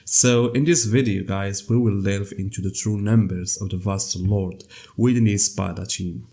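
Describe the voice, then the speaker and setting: A man with a cold and a scratchy voice, hosting an anime lore channel in a measured, scripted explainer narration. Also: fairly low pitch, steady tone, mellow.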